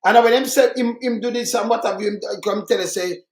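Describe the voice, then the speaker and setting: A man's voice: sits high, steady tone, quick pace, few pauses, roomy sound. An older man with a Jamaican accent, talking in blunt, emphatic casual chat. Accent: Jamaican Patois.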